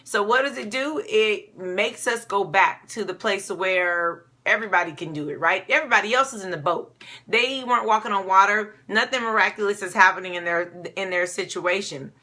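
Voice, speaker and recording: A woman delivers a casual, conversational sermon with a bright, clear tone. She retells scripture informally with chatty asides. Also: medium pitch, normal speed. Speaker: preacher.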